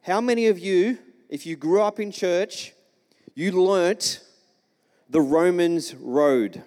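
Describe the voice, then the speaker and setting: A man's voice: high voice, slow pace, a little mellow. A male pastor preaching a sermon in a church, telling a story and asking the congregation questions. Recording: long reverb of a church hall.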